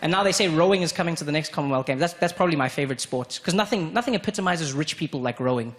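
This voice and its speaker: A man from Africa, performing an animated stand-up comedy set on a club stage. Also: very fast. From South Africa. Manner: animated, with sudden high-pitched jumps for emphasis. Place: comedy club stage before a live audience. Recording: noisy live club recording.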